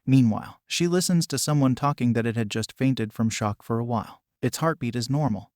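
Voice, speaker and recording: A man's voice: medium pitch, fairly quick, a little mellow, no room sound, clean studio sound. A man narrating a manga recap, in a plain and uneven storytelling read.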